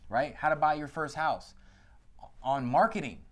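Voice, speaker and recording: Man, thirties, podcast co-host, emphatic, slangy, animated. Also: a little high, moderate pace. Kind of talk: casual podcast chat.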